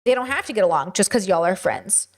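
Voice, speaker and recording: A woman's voice: medium pitch, animated, quick pace. A woman hosting a livestream, answering viewers' chat questions in an earnest, emphatic way.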